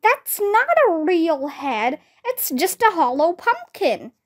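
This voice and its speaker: A level-headed young boy, voiced by a woman reading a storybook calmly explains things in a high, matter-of-fact voice. He is a storybook kid who sees through tricks. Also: takes it slowly, exaggerated voice. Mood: reassuring.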